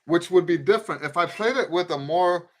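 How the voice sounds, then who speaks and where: A high-voiced middle-aged man, talking a little fast, runs a live Q&A stream teaching trumpet. He covers his points loosely, vocalizes tonguing syllables, and plays demonstrations in this casual spoken lesson.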